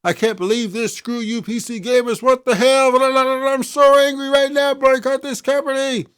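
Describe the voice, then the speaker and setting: A man voicing a furious young male fanboy in a mocking, shrill, ranting tone. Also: fairly even intonation, normal speed, fairly bright tone, clean tone. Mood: whiny outrage.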